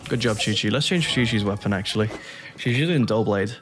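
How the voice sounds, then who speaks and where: A man's voice: lowish voice, fast talker, music in the background. A man giving casual commentary on his own gameplay, thinking aloud and chuckling to himself. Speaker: gaming YouTuber.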